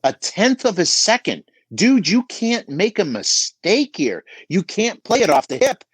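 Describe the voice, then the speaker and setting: A man's voice: high voice, big pitch swings, a little slow, breathy edge, no echo. A middle-aged man giving emphatic coaching advice on a podcast, often checking in with "right?". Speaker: business coach guest.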